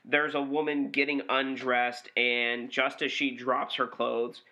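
A man's voice: mid-range voice, level tone, a little slow, bright, forceful tone, muffled recording, slight background noise. A man co-hosting a movie review podcast, swearing freely and ranting with exasperation in casual chat.

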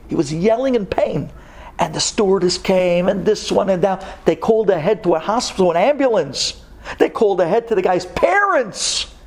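Male storyteller, high and gravelly, dramatic and animated, mixes in Hebrew words.

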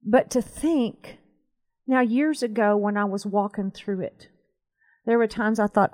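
A woman co-hosting a Christian talk show, telling a story in an animated, emphatic way. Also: mid-range voice, unhurried. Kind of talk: conversational faith talk.

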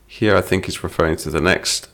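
Middle-aged male teacher, very low creaky voice, patient explainer of lyrics. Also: steady tone, fairly quick, a bit bright. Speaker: English teacher. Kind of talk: explaining song lyrics to learners.

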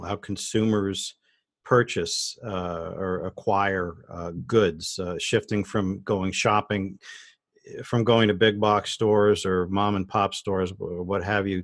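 A man with a somewhat low voice asks a long, winding question, restarting it several times. His voice sounds dry and close, with no room around it. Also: no echo. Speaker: interview host. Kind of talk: asking questions.

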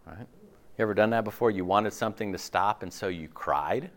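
A pastor giving a casual, jokey sermon, asking the audience questions and laughing often. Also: male voice, lowish voice, normal speed.

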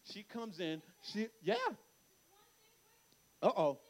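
A young man speaking live at a youth camp, joking with the crowd and telling a story with lively acted-out dialogue. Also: high-pitched, slow. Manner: playful banter with the crowd; animated storyteller acting out dialogue.

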